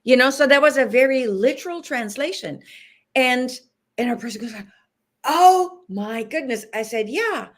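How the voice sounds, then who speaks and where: A woman's voice: high-pitched, normal speed. Earnest woman hospice guest. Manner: earnest, acts out quoted dialogue. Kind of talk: interview conversation.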